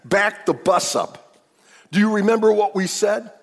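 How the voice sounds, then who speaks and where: Man voicing an insistent grown brother, husky, echoing in a reverberant hall. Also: sits high, measured pace, voice pushed up. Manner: forceful, insistent. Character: blunt, forceful grown brother confronting father.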